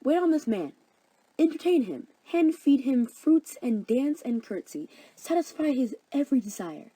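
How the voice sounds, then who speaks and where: A woman's voice: sits high, very animated, normal speed, mellow, breathy edge, dry recording, voice pushed up, exaggerated voice, rough recording. A woman doing an imperious fairy queen.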